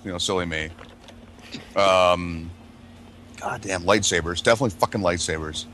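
A man's voice: deep voice, moderate pace, sharp tone, slight background noise. A man telling profane, laughing stories in a casual chat among friends. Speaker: podcast regular.

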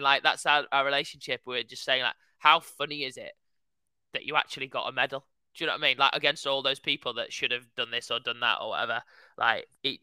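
A man's voice: mid-range voice, clear, resonant tone, no echo, low-quality recording. A man in his twenties, a podcast co-host, telling a story in casual chat and filling it with "like". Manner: animated storytelling, heavy use of "like".

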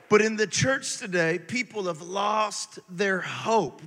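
A man preaching a sermon, moving from quiet scripture reading to loud, animated exhortation. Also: high voice, big-room sound.

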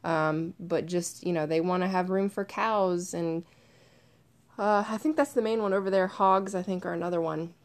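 A woman's voice: lowish voice, normal speed, smooth. Chatty young woman hosting a podcast. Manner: chatty and animated, swears casually, addresses listeners as guys. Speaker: podcast host. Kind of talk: casual solo podcast monologue.

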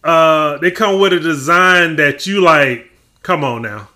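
Bright, higher-voiced male podcast host. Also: a little slow. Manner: loose, rambling questions with many fillers. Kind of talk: casual interview chat.

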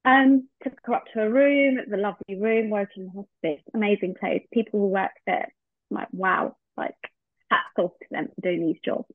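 A woman's voice: medium pitch, fairly even intonation, normal speed, no echo. A woman, a podcast guest, telling a heartfelt personal story and acting out the remembered dialogue. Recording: tinny phone-like line, dry.

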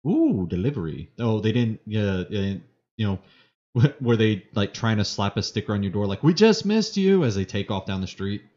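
Man, low voice, casual podcast chat, rambling, playful, dull lo-fi recording. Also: normal speed, a little mellow. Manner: rambling, playful, hums and vamps while alone. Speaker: podcast co-host. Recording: dull lo-fi sound.

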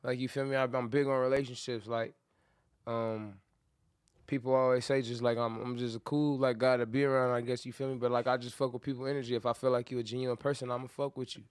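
A man's voice: mid-range voice, flat delivery, quick pace, clean tone, dry recording, clean studio sound. A man talking casually as an interview guest, in laid-back street slang, often asking "you feel me?". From Southern California. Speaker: guest, rapper.

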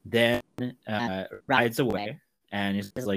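Gravelly low-voiced man retelling a film. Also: measured pace, no room sound. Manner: retells scenes acting out lines in a raised voice. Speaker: podcast co-host. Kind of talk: casual film discussion.

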